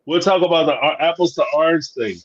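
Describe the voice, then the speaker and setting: Over a crowd in the background, a fast-talking man with a higher-leaning voice shares office stories with animated flair, voicing the dialogue and laughing frequently. He's the host of a live reality TV review show, chatting casually on a live stream, captured in slightly dull lo-fi audio.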